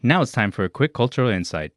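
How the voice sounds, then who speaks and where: A man narrating a scripted language lesson in a clear, measured way. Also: mid-range voice, very animated, no echo, studio quality. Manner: clear, measured instructional delivery.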